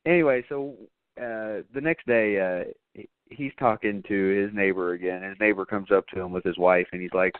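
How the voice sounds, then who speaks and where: A man hosting a casual podcast, rambling loosely through a movie recap with plenty of fillers and swearing. His voice sits at an ordinary middle pitch. The sound is squeezed and tinny, like a phone line. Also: moderate pace, a little hiss or hum. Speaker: podcast host.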